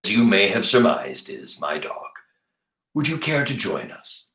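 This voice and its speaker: Brief: a male teacher playing a courtly gentle-giant tramp for a storybook read-aloud, low and unhurried, roomy sound. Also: sing-song, full character voice. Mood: warm courtly. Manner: slow, low, soft-spoken and formal. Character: huge gentle drifter man, courtly and kind.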